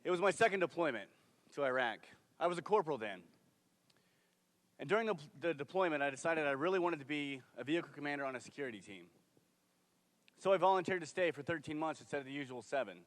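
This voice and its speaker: Young man, veteran, frank conversational storyteller, a bit high in pitch, big reverberant theater sound. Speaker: military veteran. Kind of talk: staged personal storytelling. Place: theater stage. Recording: long hall reverb from a stage.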